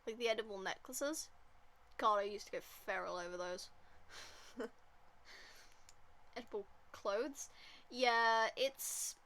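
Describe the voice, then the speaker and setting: Bright-voiced young woman streamer. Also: fairly high pitch, takes it slowly, pauses often. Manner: rambling, filler-heavy, giggly. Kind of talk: casual gameplay chat.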